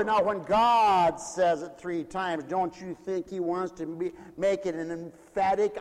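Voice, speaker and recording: A man preaching a sermon in a mission hall, emphatic, swinging between loud declarations and hushed asides. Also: high-pitched, normal speed, few pauses.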